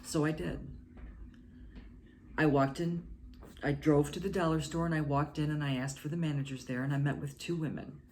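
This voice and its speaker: A woman vlogger speaking in short, halting, earnest phrases in a confessional talk to camera. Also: sits low, a little mellow, slight background noise.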